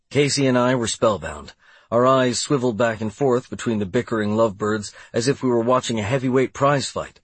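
A man's voice: medium pitch, husky, dry recording. A man narrating a first-person audiobook in a wry, sardonic way.

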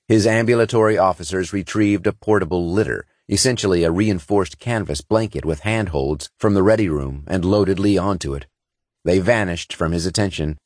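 A man reading scripted narration in a steady, measured way from a close studio mic. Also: low voice, dry recording. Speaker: audiobook narrator. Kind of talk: scripted science fiction narration.

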